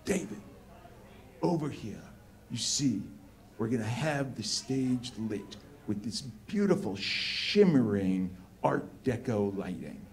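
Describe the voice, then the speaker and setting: A man doing a grandiose, hushed film director. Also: medium pitch, expressive, takes it slowly. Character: grandiose male film director, solemn showman.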